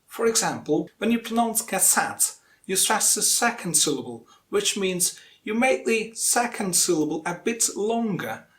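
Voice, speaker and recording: Slow, deliberate Indian English teacher. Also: male voice, high-pitched, lively intonation, fairly bright tone. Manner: slow, deliberate, repeats key terms. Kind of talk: spoken lesson.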